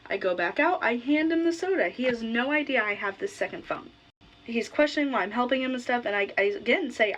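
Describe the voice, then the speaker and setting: A woman's voice: fairly high pitch, animated, fairly quick, a bit bright, poor audio. A young adult woman vlogger telling a personal story in a casual, blunt way, swearing freely.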